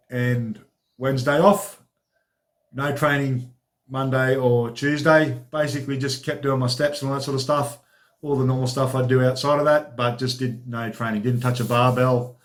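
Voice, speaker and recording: A man hosting his own training diary vlog as a personal trainer, talking in a chatty, informal, upbeat way. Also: medium pitch.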